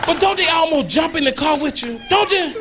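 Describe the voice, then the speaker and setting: Male stand-up comic, high and very lively voice, punchy delivery, live club take with a roaring crowd. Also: a little fast. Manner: punchy, shouting punchlines, acting out quotes. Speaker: stand-up comedian. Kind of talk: stand-up comedy set. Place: comedy club stage. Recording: live club recording, loud crowd and noise. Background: loud audience laughter.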